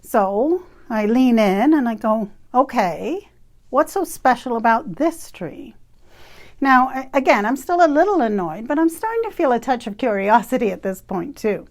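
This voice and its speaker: A woman in her fifties from Canada, telling a personal story in an animated, emphatic way with bursts of laughter. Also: a little high, moderate pace, hardly any pauses. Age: 50s. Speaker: retreat facilitator.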